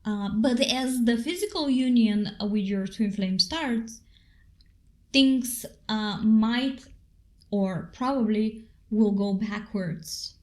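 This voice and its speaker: A woman's voice: a little high, slow pace. A woman co-hosting a casual spiritual talk, speaking unhurriedly with many fillers. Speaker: co-host.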